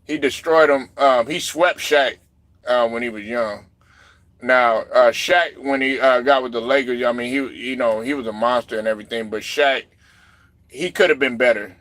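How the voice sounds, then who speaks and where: A man hosting a loose sports talk stream, rambling with plenty of fillers and asides. His voice sits at an ordinary middle pitch. The sound is dry, with no room around it. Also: fairly even intonation, normal speed, fairly bright tone, no echo. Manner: loose, rambling, lots of fillers and "you know what I'm saying". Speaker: livestream host reading chat.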